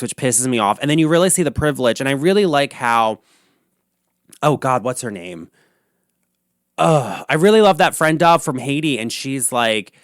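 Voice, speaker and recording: A man's voice: mid-range voice, a bit bright, clean tone, no room sound, clean studio sound. A man hosting a podcast alone, ranting about reality TV in a casual, profane, rambling way full of fillers. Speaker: podcast host. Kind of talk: casual solo podcast rant. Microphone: podcast microphone.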